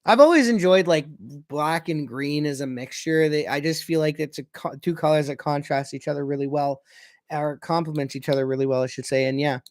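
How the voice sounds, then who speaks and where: Excitable young man calling hockey play-by-play. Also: a little high, fairly quick, dry recording, studio quality. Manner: excitable, self-correcting, unsure of player names. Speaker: fan commentator. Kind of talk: casual play-by-play commentary.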